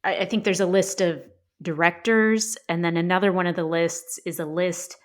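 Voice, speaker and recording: A woman co-hosts a casual book club podcast in a fairly low, fairly even voice at a moderate pace. She comes across as thoughtful and musing, frequently saying "you know" and "right."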